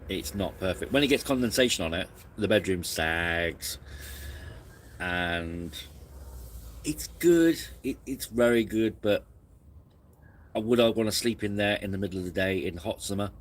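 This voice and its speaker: A man's voice: on the low side, animated, measured pace, pauses often, slight background noise. A man hosting a casual camping live stream, rambling and reflective, snacking between sentences.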